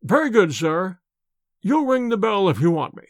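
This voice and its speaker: A fretful old servant, put on by a man reading a storybook aloud, his voice pitched high and swinging with worry. He speaks deferentially with rough country grammar, and the recording is dry and close. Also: very animated, normal speed, no room sound. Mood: stubborn. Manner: anxious, deferential, rustic grammar. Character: little wrinkled old male manservant, fretful and deferential.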